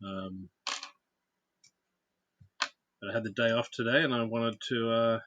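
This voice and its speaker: A man's voice: mid-range voice, fairly even intonation, fairly quick, fairly bright tone, muffled recording, slight background noise. A man hosting a casual livestream, chatting and greeting viewers by name while he builds. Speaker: livestream host.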